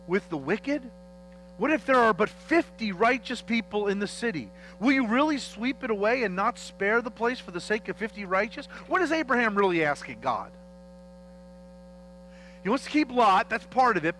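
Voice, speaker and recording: A male pastor delivers a teaching sermon in church, lively and joking as he performs the dialogue from a Bible story. His voice is high-pitched, and the recording is rough.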